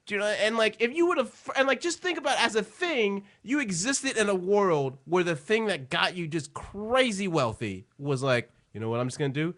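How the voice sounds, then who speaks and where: A man's voice: high-pitched, animated, normal speed, hardly any pauses, a bit bright. A man in loose, profane comedic banter on a podcast, rambling and slangy.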